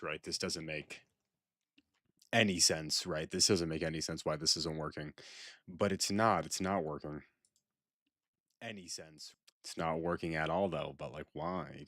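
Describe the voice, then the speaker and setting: A man streaming a horror game live, rambling with repetitive, sarcastic mock calm as he talks to chat. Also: very deep voice, normal speed, no room sound, clean studio sound.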